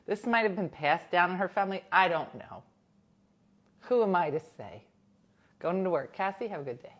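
A chatty woman hosts a casual livestream from home, spinning stories and reading viewers' comments. Her somewhat low voice swings widely in pitch as she acts out what others said. She laughs often between lines. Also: expressive, normal speed. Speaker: livestream host reading chat. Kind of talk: casual chat. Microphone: new desk mic.

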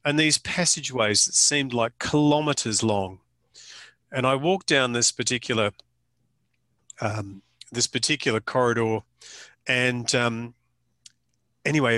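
An Australian man with a forceful, ringing voice tells stories in a loose, conversational way. His delivery is dry and close, full of slang and the occasional curse. He speaks as a photographer sharing his experience. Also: mid-range voice, no echo. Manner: colourful, anecdotal, with mild swearing and slang. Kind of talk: storytelling interview chat.

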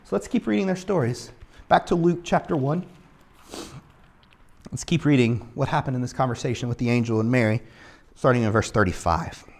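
A man preaching a sermon, retelling Bible stories in a casual, animated way and acting out the characters. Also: mid-range voice, fairly quick, vocal fry, long pauses. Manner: animated storytelling, acts out biblical characters casually. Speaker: pastor.

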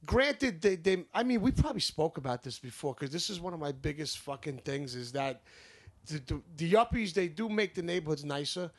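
A man's voice: on the high side, expressive, a little fast. A young man with a New York accent, co-hosting a casual chat and ranting in heated, profane bursts. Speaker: podcast co-host.

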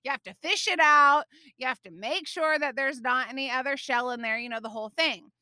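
Bright, chatty woman podcast host. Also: sits high, brisk, dry recording, clean studio sound. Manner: animated, chatty, frequent laughs; frequent fillers such as like and you know. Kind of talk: personal devotional storytelling.

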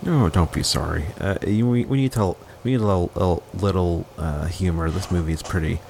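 A man hosting a casual film podcast, talking haltingly with many restarts and fillers. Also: sits low, creaky, darkish tone, a little hiss or hum. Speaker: podcast host.

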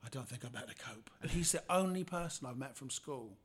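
Husky-voiced man telling stories. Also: mid-range voice, quick pace. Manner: lively storyteller acting out quoted people. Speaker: comedian guest. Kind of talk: casual anecdotal chat.

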